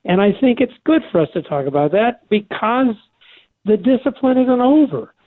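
An older man co-hosting a faith talk show, speaking earnestly and haltingly with many restarts. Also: extremely high pitch, sing-song. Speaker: radio show co-host. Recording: tinny phone line.

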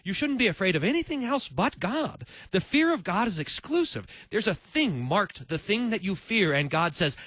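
Animated male preacher, dry sound. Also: high-pitched, moderate pace, few pauses, no room sound. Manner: animated storytelling, acts out each voice. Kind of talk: sermon.

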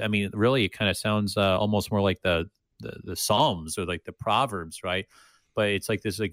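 A man's voice: low voice, fairly bright tone, no echo, clean studio sound. A man co-hosting a casual Bible discussion, talking with many restarts and fillers and reading passages aloud. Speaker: Bible study co-host.

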